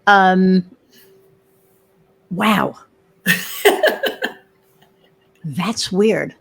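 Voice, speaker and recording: A woman's voice: lowish voice, very slow, gravelly, slightly rough. A middle-aged woman, a business owner, telling stories in casual chat and acting out the voices of the people she quotes. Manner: animated storyteller, acts out quoted voices. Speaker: podcast guest, business owner.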